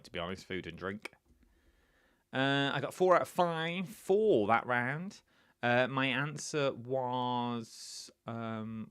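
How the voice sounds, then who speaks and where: A man's voice: mid-range voice, fairly bright tone, no echo, clean studio sound. A man hosting a live-stream quiz from his chair, chatty and teasing, often repeating answers. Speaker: quiz host. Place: indoors, seated at home.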